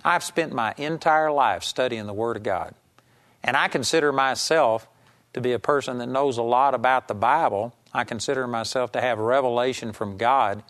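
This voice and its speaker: A man's voice: mid-range voice, a bit bright. Conversational male Bible teacher. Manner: conversational, emphatic, reads scripture slowly. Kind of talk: teaching sermon.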